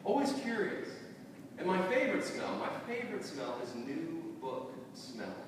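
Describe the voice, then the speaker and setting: A male pastor reads scripture slowly and carefully, letting his phrases fall away softly at the ends. His voice rings through a large church hall, picked up from well back from the microphone with a steady hum of ambient noise underneath. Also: fairly high pitch. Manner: slow, deliberate reading with soft falling endings. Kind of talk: sermon with scripture reading. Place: church sanctuary. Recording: roomy church hall from far off.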